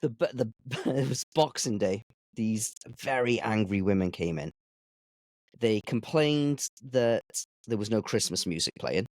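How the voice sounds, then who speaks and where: A man's voice: lowish voice, measured pace, dry recording. Laid-back man telling kitchen stories. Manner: relaxed anecdotal storytelling. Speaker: podcast guest, chef. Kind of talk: casual chat.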